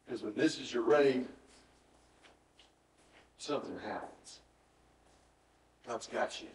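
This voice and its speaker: A middle-aged man, preaching a sermon and telling a personal story in an earnest voice that often drops to a hushed, emotional tone. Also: mid-range voice, takes it slowly. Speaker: pastor. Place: church sanctuary. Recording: roomy church sound from a distant mic.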